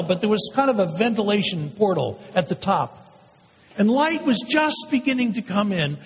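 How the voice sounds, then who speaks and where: A man voicing a condemned male prisoner awaiting crucifixion, telling his story in a first-person dramatic monologue with intense pauses. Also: very high voice, a bit bright, breathy edge, exaggerated voice. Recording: long hall reverb.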